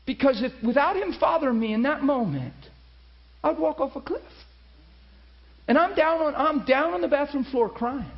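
A man preaching a personal testimony to a class, animated and emphatic, swinging between loud and hushed. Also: extremely high pitch, normal speed. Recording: dull lo-fi recording.

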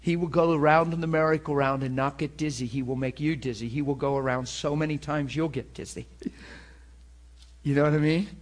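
A man preaching a sermon to a class, talking in an animated, conversational way. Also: a little high, brisk.

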